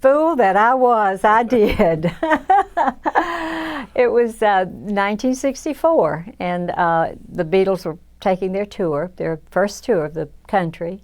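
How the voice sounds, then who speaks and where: A woman's voice: mid-range voice, unhurried, few pauses, darkish tone. An older woman from south Georgia with a Southern American accent, reflecting in an oral history interview with many restarts and fillers.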